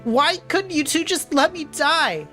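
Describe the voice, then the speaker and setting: A woman's voice: high-pitched, very animated, measured pace, fairly bright tone, faint music behind, pitched above the performer's own voice, full character voice. A woman reading aloud, voicing a despairing, exhausted teenage girl who breaks into anger. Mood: bitter. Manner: raw, pleading, breaking into anger.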